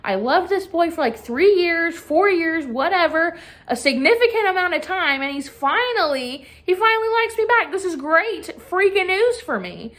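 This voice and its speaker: A woman's voice: fairly high pitch, animated, a little fast, natural voice. A woman voicing a lovestruck teenage girl who gushes, giddy and breathless, over a boy.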